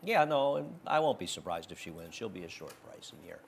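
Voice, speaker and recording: A man's voice: low voice, big pitch swings, a little fast, gravelly, a little hiss or hum. A man hosting a horse racing betting show, giving blunt, opinionated handicapping in casual chat.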